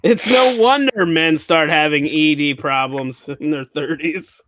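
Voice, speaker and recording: A man's voice: on the high side, measured pace, fairly bright tone, no room sound. A man hosting a comedy podcast, riffing on jokes in casual chat and laughing often.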